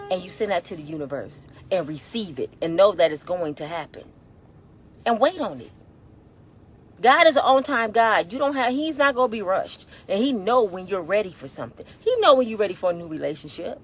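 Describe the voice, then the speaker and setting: A woman's voice: mid-range voice, a little hiss or hum. Emphatic woman preaching to y'all. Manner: emphatic, exhorting, shifts between loud and hushed; colloquial, addresses listeners as y'all. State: near tears. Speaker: inspirational vlogger. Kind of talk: preachy motivational talk.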